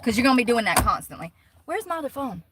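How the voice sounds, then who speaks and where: A woman's voice: a little high, big pitch swings, quick pace. A young woman, rambling and swearing freely as she livestreams from a phone around her vehicle. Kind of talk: casual livestream chat. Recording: vehicle noise behind voice.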